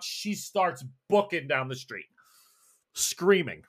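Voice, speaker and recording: Man with a slightly high voice, game master. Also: moderate pace, a bit bright. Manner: descriptive, with restarts. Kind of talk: narrating a tabletop horror game.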